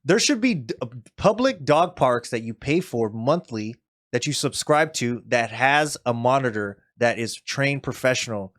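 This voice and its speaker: A man's voice: mid-range voice, normal speed. A man co-hosting a podcast in casual, profane chat, often acting out other people's voices. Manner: profane, animated, acts out voices. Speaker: podcast co-host.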